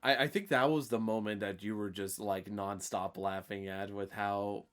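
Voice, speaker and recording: A man co-hosting a podcast, reacting in a relaxed way and laughing often. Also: lowish voice, moderate pace. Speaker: podcast co-host. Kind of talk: casual chat.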